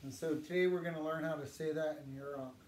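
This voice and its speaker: A man teaching a language lesson, patiently saying words slowly for learners to repeat. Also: a little high, steady tone. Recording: echoey room with faint noise.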